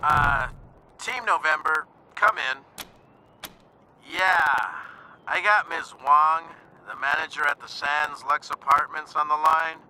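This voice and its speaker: An actor playing a matter-of-fact ranger radio dispatcher in a video game, speaking in brisk radio procedure. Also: male voice, a little high, sharp tone, slight background noise, exaggerated voice, poor audio.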